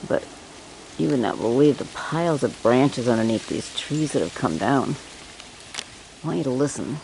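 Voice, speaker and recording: A woman from Northern Michigan with a rough morning voice, chatting casually outdoors and pointing things out to the viewer as she films on a phone. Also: very deep voice, expressive, normal speed, dark tone, slight background noise. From Northern Michigan, USA. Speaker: vlogger. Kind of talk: casual handheld vlog narration. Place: outdoors in a yard, wind and trees.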